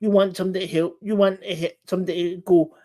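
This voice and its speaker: A man hosts a casual livestream chat, speaking earnestly in halting bursts full of restarts and repeated words. His voice is high, with a level, dark tone.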